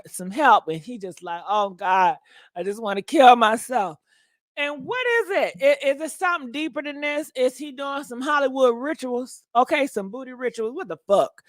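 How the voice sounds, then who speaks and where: A woman with a high, bright voice hosts a casual gossip commentary. She talks in a blunt, sassy way and swears freely. The sound is dry and close to the mic. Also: no room sound. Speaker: host.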